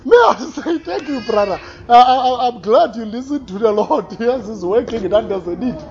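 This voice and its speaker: A man preaching a sermon, animated, swinging between loud exclamations and quiet asides with frequent laughs. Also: very high voice, normal speed, a little hiss or hum. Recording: slightly dull recording with faint room ambience.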